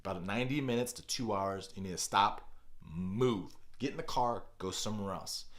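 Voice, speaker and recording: A middle-aged man, a kids pastor, giving parenting advice on a podcast with deliberately exaggerated, energetic delivery. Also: fairly low pitch.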